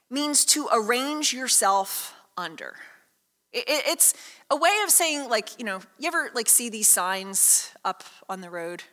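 High, bright-voiced woman preaching. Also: unhurried, long reverb tail. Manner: conversational, lively storytelling with many asides. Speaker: pastor. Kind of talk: sermon.

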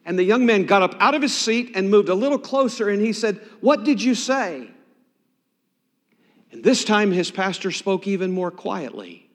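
A male pastor preaches in a church, moving from loud emphasis to hushed, near-whispered lines. His voice sits a little high for a man, and long reverb from the sanctuary trails every phrase. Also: expressive, brisk. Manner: dramatic swings from loud to hushed. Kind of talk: sermon.

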